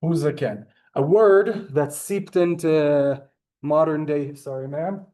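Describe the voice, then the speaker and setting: A man's voice: on the high side, fairly even intonation, takes it slowly, dark tone. A man teaching a Hebrew class over a video call, talkative and courteous, often apologizing and saying ma'am. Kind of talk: online class lecture.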